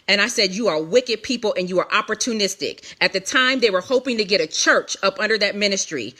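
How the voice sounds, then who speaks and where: A woman's voice: medium pitch, pushed and bright. A woman giving a candid, emphatic testimony to viewers, with many restarts and repeated phrases. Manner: emphatic, repetitive, quick restarts. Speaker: ministry leader speaking to an online audience.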